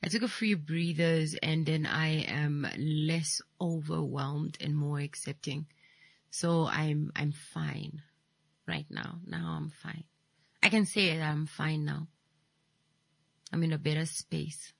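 A woman with a Namibian English accent hosting a casual radio talk show, animated and teasing. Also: deep voice, takes it slowly, gravelly, dry recording. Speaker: radio host.

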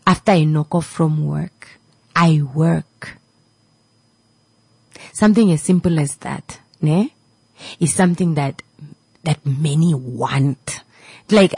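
A woman's voice: low-pitched, vocal fry, mellow, slightly rough, no echo, poor audio. A woman radio host giving a heartfelt motivational talk to her listeners, repeating her points and dropping to a whisper at times. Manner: repetitive, preachy, emotional, drops to a whisper at times.

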